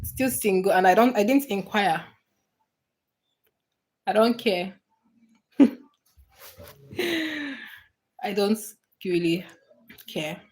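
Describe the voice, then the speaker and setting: A woman's voice: medium pitch, animated, very slow, long pauses. A woman hosting a casual livestream, answering viewers' comments with frequent laughter and repeated, restarted phrases. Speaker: livestream host.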